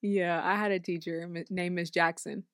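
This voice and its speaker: A young woman talking as a guest in a casual studio chat, telling stories in a quick, chatty way. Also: fairly low pitch, flat delivery, smooth, dry recording.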